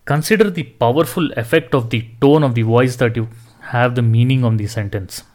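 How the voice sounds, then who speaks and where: A man's voice: medium pitch, moderate pace, darkish tone. A man hosting a solo podcast, giving earnest advice with some restarts and fillers. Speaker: podcast host.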